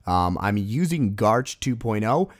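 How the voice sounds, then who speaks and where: A man hosting a gaming video, talking through a strategy game attack in casual commentary and exclaiming loudly at close calls. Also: on the low side, measured pace, dry recording. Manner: excitable, exclaims at game moments.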